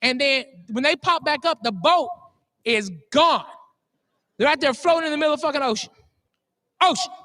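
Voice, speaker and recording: High, bright-voiced excitable comedian man. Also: moderate pace, pauses often. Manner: excitable, profane, laughing storyteller. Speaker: stand-up comedian. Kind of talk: stand-up comedy routine.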